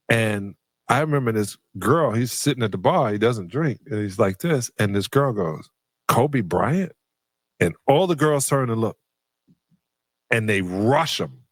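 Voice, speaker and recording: A middle-aged man, a former pro ballplayer, holds the floor on a sports panel with animated anecdotes. He slips into the voices of the people he quotes. His voice sits fairly low and sounds dry and close. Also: no room sound. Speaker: former pro basketball player, panel guest.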